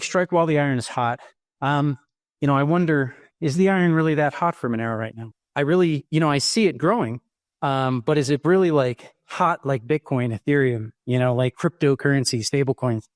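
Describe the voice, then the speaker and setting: A man's voice: mid-range voice, no echo, studio quality. A man in a casual online group discussion, speaking from a gym, a little out of breath, rambling and hedging with lots of ums and you-knows. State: slightly out of breath. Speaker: discussion participant.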